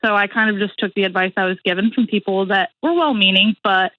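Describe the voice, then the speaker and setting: A woman's voice: medium pitch, quick pace, dry recording, muffled recording. A young woman from Indiana calls in to an advice show, speaking earnestly and hesitantly with many fillers. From Indiana, USA. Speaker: caller. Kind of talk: phone-in conversation.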